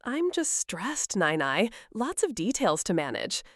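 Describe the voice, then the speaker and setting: Woman doing a nervous young bride, quiet and hesitant, dry close sound. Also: medium pitch, big pitch swings, a little slow, dry recording. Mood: unsure. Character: young bride-to-be, stressed and unsure.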